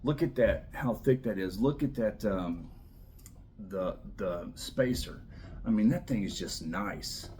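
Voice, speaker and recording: A man's voice: on the low side, lively intonation, slow pace, slight background noise. Enthusiastic man reviewing pocket knives. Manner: enthusiastic, repeats himself, trails off softly. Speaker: knife reviewer. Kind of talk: casual product review.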